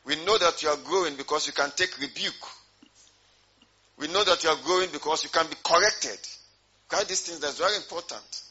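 A man's voice: on the high side, fairly quick, sharp tone, slightly rough, lo-fi sound. A man preaching a sermon as pastor, repeating his points and putting questions to the congregation.

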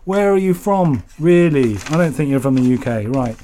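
A man's voice: fairly high pitch, lively intonation, normal speed, dark tone. A man from Yorkshire co-hosting a casual radio show, rambling and joking as he reads out listener mail. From Yorkshire, England. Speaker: radio co-host.

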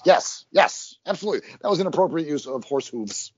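A man's voice: a little high, fairly quick, breathy edge, lo-fi sound. A man co-hosting a film podcast, riffing in casual, profane comic banter. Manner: animated, swearing, riffing.

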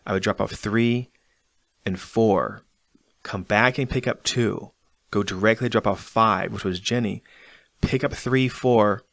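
Guy hosting a chatty talk, tells stories with energy, lowish voice, dry sound. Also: measured pace, creaky, no room sound. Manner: lively storyteller recounting a race. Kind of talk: casual conversation.

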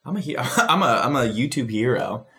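Lively young man laughing through banter. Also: mid-range voice, moderate pace. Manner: laughs often, animated. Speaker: podcast co-host. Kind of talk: casual joking chat.

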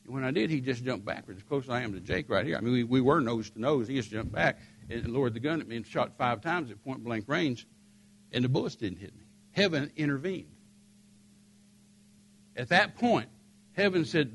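Breathy at the edges and marked by vocal fry, this older American preacher's mid-range voice moves at a moderate pace and pauses often. He tells dramatic personal stories from the pulpit, animatedly performing each character's voice.

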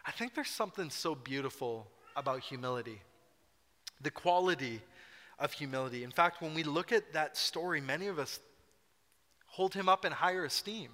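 A man's voice: a little high, pushed and bright. A man preaching a sermon as pastor, telling a story in a conversational way and acting out quotes playfully. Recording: reverberant hall.

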